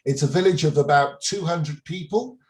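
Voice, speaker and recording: A man's voice: on the high side, moderate pace. Chatty man in his fifties telling stories. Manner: warm storyteller, chuckles, frequent restarts. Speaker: guest. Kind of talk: casual interview anecdote.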